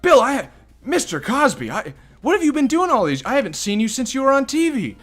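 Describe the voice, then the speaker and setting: A starstruck neighbor gushes in a high, loud, lively voice, as a man puts him on in a comedy bit. His words tumble out breathlessly and climb sharply in pitch. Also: fairly quick, faint music behind, heavily acted. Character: excited starstruck male neighbor.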